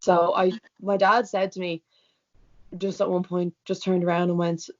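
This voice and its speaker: Young Irish woman, flat low voice. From Ireland. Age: young adult. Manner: fast, emotional storytelling with many "like"s. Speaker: student guest, former karate competitor. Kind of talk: candid conversational interview. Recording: dull lo-fi sound.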